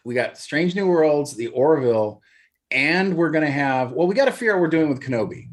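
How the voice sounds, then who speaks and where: A man's voice: a little high, expressive, fairly quick. A middle-aged man co-hosting a casual podcast, telling stories in an easygoing, dryly joking way. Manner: easygoing storyteller, dry joking. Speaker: podcast co-host. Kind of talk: casual chat.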